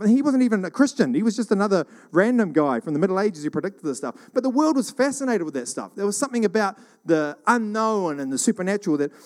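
A middle-aged man from New Zealand telling rambling church stories in a casual, animated monologue. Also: sits high. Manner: rambling, animated, acts out quoted voices.

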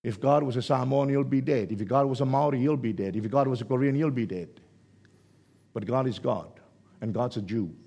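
A man preaching a sermon, swinging between hushed, drawn-out lines and sudden loud shouts. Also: medium pitch, creaky, breathy edge.

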